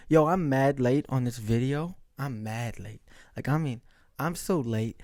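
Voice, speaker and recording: A young man with a raspy voice, rambling jokingly and mocking himself while hosting his own podcast. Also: medium pitch, a little slow, darkish tone, dry recording. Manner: rambling, jokey, self-mocking. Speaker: podcast host. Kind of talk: casual solo chat.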